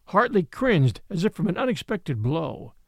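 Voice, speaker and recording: A man narrating a classic short story in an expressive, animated reading. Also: high voice, measured pace, creaky, no echo, clean studio sound.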